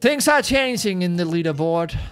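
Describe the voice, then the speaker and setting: A man giving casual, excitable commentary as a gaming YouTuber, chatty and laughing often. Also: sits high, normal speed, clean tone, faint music behind.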